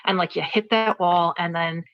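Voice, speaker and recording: A woman in her forties, a podcast guest, recounts a personal story in conversation, earnest and reflective, frequently starting her sentences over. Her voice is lowish with fairly even intonation and a normal pace. The recording sounds muffled.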